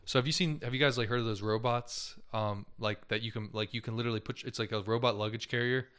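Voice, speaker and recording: A man's voice: mid-range voice, fairly even intonation, fast talker, fairly bright tone, clear, resonant tone. A young man co-hosting a casual podcast, retelling news stories in a loose, chatty way, with lots of "like" and "dude" and frequent laughter. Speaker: podcast co-host.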